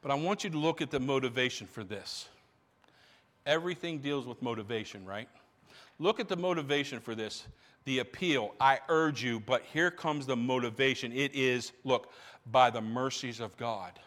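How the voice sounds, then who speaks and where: A male pastor preaching a sermon, animated, stumbling over restarts as he builds his points. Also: mid-range voice, normal speed, in a large hall.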